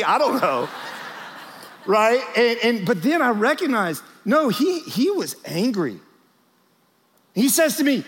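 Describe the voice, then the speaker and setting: Animated high-voiced male pastor preaching. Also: unhurried, long pauses. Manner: animated storytelling, talks straight to the crowd. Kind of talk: sermon to church leaders. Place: large church auditorium before a big crowd. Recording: long reverb of a large church hall.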